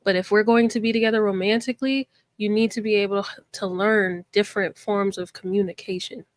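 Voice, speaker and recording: A woman's voice: mid-range voice, fairly even intonation, a little fast, no room sound. A woman in a casual podcast debate, firmly laying out her points one by one. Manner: firm, lays out her points step by step.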